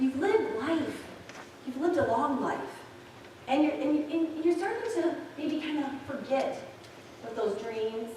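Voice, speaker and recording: Speaking in a high-pitched voice over background noise, a woman pastor in her forties gives a sermon in a church sanctuary. She chats candidly with her congregation through personal stories, and the distant mic leaves the sound very echoey.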